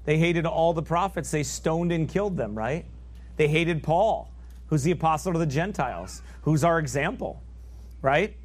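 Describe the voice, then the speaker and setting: A man delivering a sermon with a fairly high voice. He preaches with fervor, building to loud emphatic peaks and sinking into low, quiet asides as he reads and explains scripture. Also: lively intonation, moderate pace. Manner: reads scripture aloud in old biblical wording.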